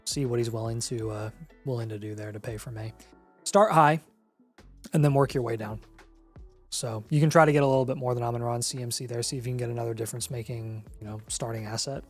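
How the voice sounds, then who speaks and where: A man's voice: medium pitch, fast talker, soft background music. A man co-hosting a live fantasy football Q&A, laid-back and advisory, now and then teasing. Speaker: podcast co-host.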